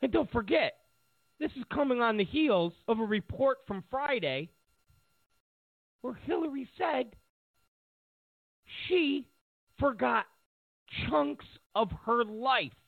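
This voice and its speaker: A man rants through an opinionated political monologue, sarcastic and mocking. His higher voice swings widely in pitch. The sound is dry and narrow, like a phone line. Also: expressive, takes it slowly, creaky, long pauses, no room sound. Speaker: political commentator.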